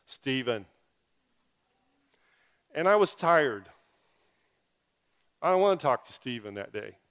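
A man's voice: on the high side, smooth. A male pastor preaching a sermon through a personal story, with humorous, self-deprecating asides.

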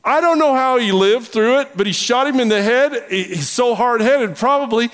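A middle-aged pastor tells a hunting story during his sermon, folksy and animated, his pitch and volume rising when excited. He keeps a moderate pace with hardly any pauses, in a reverberant hall.

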